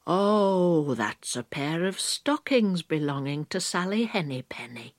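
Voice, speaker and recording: A woman voicing a small, polite, busy female hedgehog washerwoman in a storybook reading, with bright eager chatter. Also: low voice, sing-song, takes it slowly, dry recording, clean studio sound, exaggerated voice. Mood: chatty, busy. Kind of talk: storybook read-aloud.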